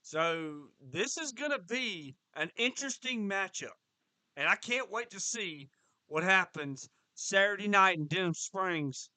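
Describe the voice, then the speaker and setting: A man hosting a wrestling preview show, excitable and quick to interrupt with questions. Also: high-pitched, no echo, poor audio. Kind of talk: casual podcast chat.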